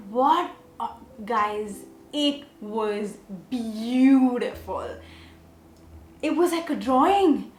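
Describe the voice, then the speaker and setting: A young woman vlogging in a chatty, animated way, giving a makeup tutorial and telling stories. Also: sits high, roomy sound, slight background noise. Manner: chatty, animated, often asks okay?. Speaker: beauty vlogger. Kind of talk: casual makeup tutorial and storytelling.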